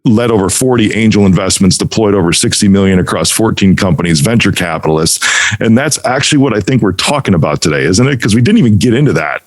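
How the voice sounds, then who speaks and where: A man's voice: fairly low pitch, lively intonation, fast talker. A man hosting a podcast, chatting casually over a video call from a hotel conference room and telling stories in a laid-back, rambling way. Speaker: podcast host.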